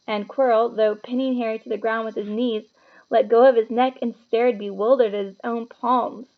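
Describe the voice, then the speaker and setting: A woman reading a children's book aloud with expressive, dramatic storytelling. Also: a little high, normal speed, lo-fi sound. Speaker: storybook reader.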